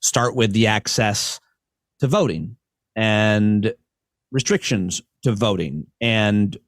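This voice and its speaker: A man, a comic and podcast host, talking as a guest on a casual podcast and building long, earnest arguments in quick bursts. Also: lowish voice, no room sound, studio quality.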